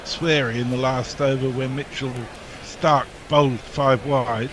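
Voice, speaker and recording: Man, cricket co-commentator, casual, laughs a lot, sweary, middle pitch, hissy line. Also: steady tone, a little slow. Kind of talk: casual chat on a cricket broadcast.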